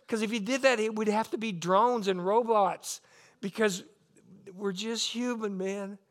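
A middle-aged male preacher delivering a passionate, emotional sermon, often tearful and laughing between lines. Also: very high voice.

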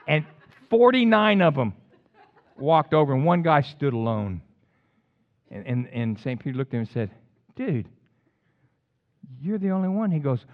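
A man delivering a sermon with a lively, swinging delivery, rising into bursts of emphasis and drifting into jokey asides. His voice sits a bit high for a man. The recording is dull and lo-fi. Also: slow, pauses often. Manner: fired up, rambling, jokey asides. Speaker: preacher.

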